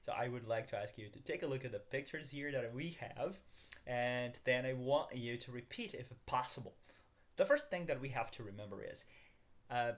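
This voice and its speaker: A man teaching a beginners' language lesson, upbeat, calling his viewers guys and asking them to repeat after him. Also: medium pitch.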